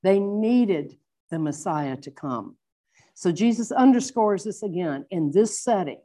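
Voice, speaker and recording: A middle-aged woman preaching a sermon, earnest and reflective, slowing down to stress her points. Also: mid-range voice, animated, dark tone. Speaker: Bible teacher.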